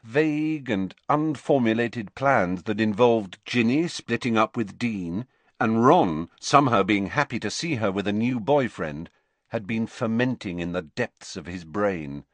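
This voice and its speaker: Male audiobook narrator, lowish lively voice, dry close recording. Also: no echo. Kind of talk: scripted narration.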